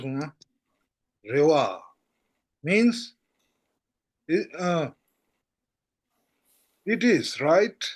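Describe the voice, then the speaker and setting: A man teaching an online language lesson, patient and repetitive, often checking whether students follow. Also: on the high side. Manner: slow, patient, repeats checks like "how goes, no?". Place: online class over a shaky internet connection.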